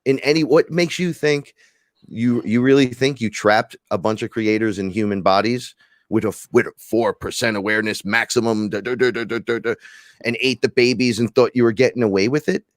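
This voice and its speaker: A man hosting a casual spiritual podcast chat, animated and profane, acting out imagined back-and-forth dialogue. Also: fairly low pitch, brisk, no room sound, studio quality. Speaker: podcast host.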